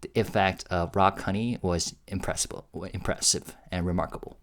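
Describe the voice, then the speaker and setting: Man, low voice, casual reaction host, live translating, chuckling, lots of fillers. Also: moderate pace. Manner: relaxed, chuckling, hesitant with many fillers. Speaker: YouTube host translating a livestream.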